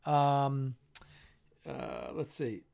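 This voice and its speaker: A man's voice: mid-range voice, big pitch swings, very slow, gravelly, a little mellow. A man hosting a casual live-stream chat. He sounds tired and yawns, and he gives blunt, opinionated takes. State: tired and yawning.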